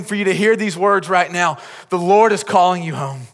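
A man's voice: sits high, normal speed. A man preaching a sermon as a pastor, earnest and pleading, often repeating words as he builds a point. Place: large church auditorium. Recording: long hall reverb from the sanctuary.

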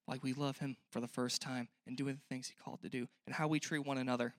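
A man's voice: medium pitch, little pitch movement, fast, a bit bright, no room sound, studio quality. A young man preaching a sermon in a church, earnest and conversational, often asking the listeners questions. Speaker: pastor.

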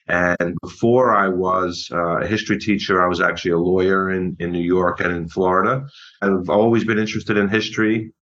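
Low-voiced middle-aged man, lo-fi. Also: fairly bright tone. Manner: measured, thoughtful, repeats words as he goes. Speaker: history teacher guest. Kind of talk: conversational interview. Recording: dull lo-fi audio.

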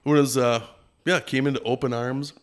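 A middle-aged man from Minnesota, a podcast guest telling stories in a casual, animated way and sometimes doing playful impressions. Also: medium pitch, moderate pace. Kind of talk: casual storytelling interview.

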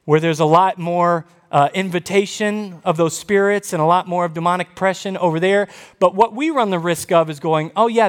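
High-voiced pastor in a big hall. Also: male voice. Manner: animated storytelling, acting out quoted voices. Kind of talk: sermon. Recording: long reverb of a large hall.

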